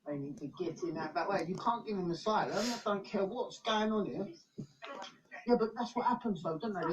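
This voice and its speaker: A man's voice: high voice, brisk, far from the mic, background noise. A man filming on a beach, arguing in a confrontational, repetitive way. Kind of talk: heated argument outdoors. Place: beach outdoors.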